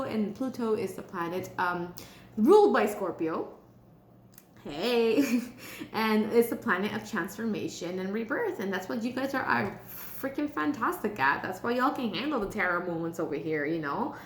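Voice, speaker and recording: A woman giving a casual tarot reading for a star sign. She is chatty and blunt, with casual swearing. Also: a little high. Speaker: tarot reader. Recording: echoey room with faint hum.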